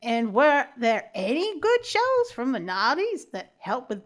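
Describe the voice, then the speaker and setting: A woman's voice: high-pitched, huge pitch swings, unhurried, pitched above the performer's own voice, full character voice. A woman putting on an American Valley Girl accent, gushing in an exaggerated way. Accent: American Valley Girl put-on.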